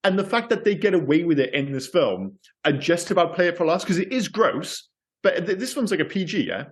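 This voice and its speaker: A man talks through a movie on a podcast, his voice pitched a touch higher than most. He rambles and corrects himself as he goes, animated and casual. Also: a little fast. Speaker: podcast co-host. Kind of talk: casual film discussion.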